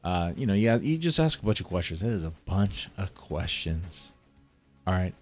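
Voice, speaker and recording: Guy with a lowish voice talking through how he interviews kids, faint music behind. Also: big pitch swings, normal speed. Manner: walks through interview questions step by step, thinking aloud. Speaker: child protective services caseworker. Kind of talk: casual explanation.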